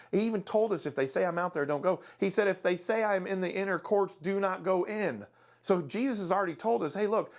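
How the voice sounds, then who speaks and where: A man teaching a Bible study series in an emphatic, conversational way, often asking rhetorical questions. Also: fairly high pitch.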